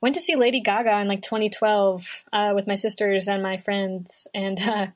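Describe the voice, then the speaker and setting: A woman's voice: mid-range voice, fairly even intonation, moderate pace. Chatty young woman guest, rambling storyteller. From Kentucky, US. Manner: chatty, rambling, lots of "like" fillers. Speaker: guest musician. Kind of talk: casual chat.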